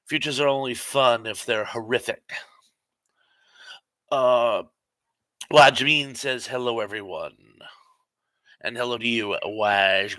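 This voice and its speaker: A man hosting a casual live stream, chatting and reading viewer comments aloud with quick asides. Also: fairly low pitch, bright, forceful tone, no room sound. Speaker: host reading live chat.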